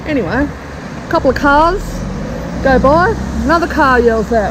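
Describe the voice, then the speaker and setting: A woman's voice: high-pitched, animated, normal speed, background noise. An Australian woman vlogging casually from her wheelchair on a street, telling stories in a chatty, self-mocking way. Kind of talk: casual vlog to camera.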